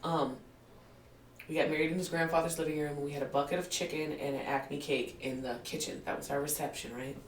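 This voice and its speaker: Animated woman storyteller, distant roomy mic. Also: low-pitched, fairly quick, slight background noise. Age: 40s. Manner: animated storyteller who acts out quotes and laughs often. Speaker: podcast guest. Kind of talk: casual storytelling in an interview.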